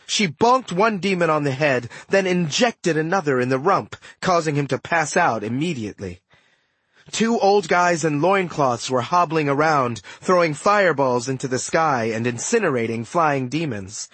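A man giving expressive first-person audiobook narration in a close studio recording. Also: on the high side, normal speed, slightly rough, no echo. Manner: animated, expressive storytelling.

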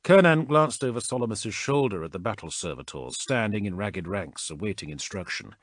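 A male audiobook narrator with a low voice reads a script in a steady, measured storytelling manner. The recording is dry and of studio quality.

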